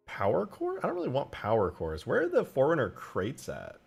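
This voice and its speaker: A man's voice: mid-range voice, huge pitch swings, brisk, creaky, hardly any pauses, a little mellow, slightly rough, soft background music. A man live-streaming game modding, chatting casually and cursing as he answers viewers. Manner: loose and profane, answering chat questions. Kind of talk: casual livestream chat while modding.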